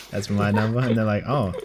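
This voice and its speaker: A man's voice: fairly low pitch, fairly quick, background noise. A man hosting a casual podcast over an online call, rambling through stories and swearing freely. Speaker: podcast host. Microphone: online call mic.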